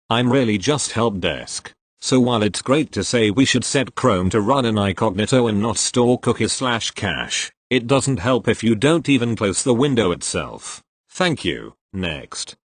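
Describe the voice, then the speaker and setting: A man reads tech-support stories aloud in a low voice that swings up and down lively through each sentence. His telling is dry, and he gives quoted lines small voice shifts. The recording is close and dry, with no room sound around him. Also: no echo. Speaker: narrator reading posts aloud. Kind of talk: narrated story reading.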